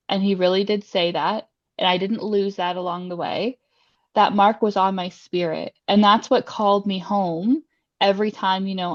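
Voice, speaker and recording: A woman's voice: lowish voice, no echo. A young adult woman sharing her faith testimony in a casual interview, chatty and heartfelt, with lots of fillers. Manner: emotional, heartfelt. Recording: dry, slightly dull sound.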